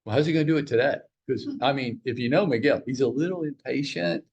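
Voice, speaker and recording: A man leads a team training huddle, joking and teasing as he fires questions at the room. He talks fast in a mid-range voice that's gravelly, husky, and a little mellow.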